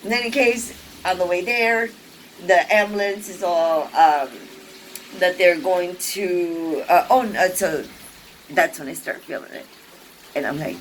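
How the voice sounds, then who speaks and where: A woman's voice: on the low side, a little slow, a little hiss or hum, low-quality recording. Rambling woman telling a personal story. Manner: rambling, many fillers and restarts; lively, acts out quoted people. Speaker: vlogger.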